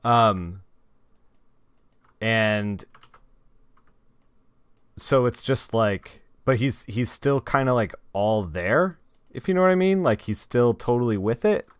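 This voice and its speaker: A man's voice: medium pitch, expressive, slow pace, pauses often, clear, resonant tone, no echo, studio quality. A young man chatting casually with his viewers on a live stream, rambling and talking straight to them.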